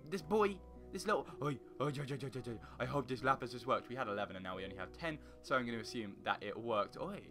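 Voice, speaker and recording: A young man chatters through his block-building game in a rambling, goofy way, his voice bright and forward. Faint guitar music plays softly underneath. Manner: rambling, goofy, bursts into loud high singing and silly noises. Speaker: gaming YouTuber. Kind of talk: casual Minecraft let's play commentary.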